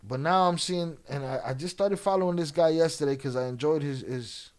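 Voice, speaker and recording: A man's voice: a little high, a little fast, darkish tone. A laid-back, profane man hosting a livestream. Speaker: livestream host. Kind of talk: casual chat with live viewers.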